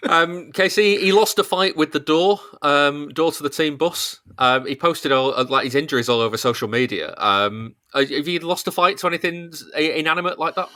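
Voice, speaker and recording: A man's voice: fairly high pitch, normal speed, few pauses, sharp tone. A man chatting on a podcast, easygoing and full of fillers, laughing lightly. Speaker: podcast co-host. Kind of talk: casual chat.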